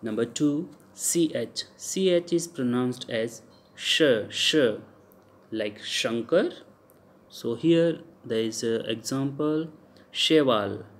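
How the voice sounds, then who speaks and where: A man with an Indian English accent gives a French pronunciation lecture at an unhurried, deliberate pace. His voice sits at an ordinary middle pitch. He stops often on fillers and says each example word twice. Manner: halting, many uh fillers, repeats example words slowly.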